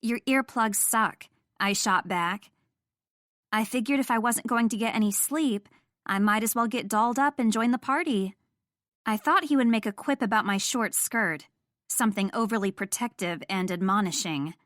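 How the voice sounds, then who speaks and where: A woman's voice: medium pitch, moderate pace, fairly bright tone, no room sound, clean studio sound. A young woman narrating a first-person romance audiobook in an intimate storytelling manner.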